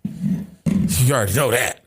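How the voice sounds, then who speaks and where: A man's voice: mid-range voice, takes it slowly, slightly rough. A middle-aged man hosting a casual commentary show, talking in an indignant, profane way full of rhetorical questions. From United States. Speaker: podcast host.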